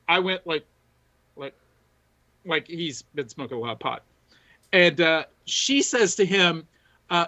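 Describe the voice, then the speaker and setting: A man's voice: high voice, expressive, unhurried, pauses often, sharp tone, highs cut off. A man co-hosting a sports podcast, telling long rambling anecdotes full of fillers and restarts. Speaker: podcast co-host. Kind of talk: casual chat, storytelling. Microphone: desk mic, reads chat from screen.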